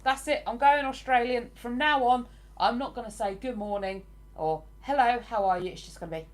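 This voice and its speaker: A woman's voice: a little high, brisk. A woman with an English accent hosting a casual live stream, chatting and laughing easily as she greets viewers by name.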